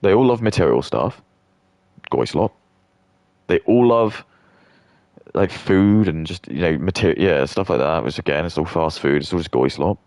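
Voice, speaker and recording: A man's voice: low voice, expressive, normal speed, pauses often, darkish tone, no echo, studio quality. A British man in his thirties, talking in a rambling, blunt rant with frequent stammering restarts. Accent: British English. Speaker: streamer.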